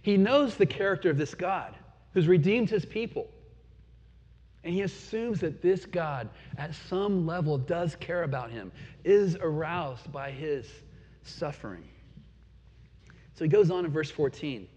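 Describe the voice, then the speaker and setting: A man preaching a sermon in an earnest, reflective way, asking the listeners questions and dropping to quiet pauses. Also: fairly high pitch, expressive, breathy edge. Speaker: pastor. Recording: dull lo-fi sound with long hall reverb.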